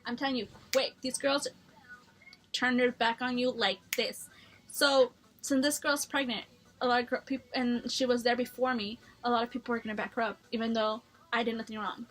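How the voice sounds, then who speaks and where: A woman's voice: a little high, flat delivery, normal speed. A young woman chatting through a personal story for her vlog, blunt and full of swearing. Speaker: vlogger.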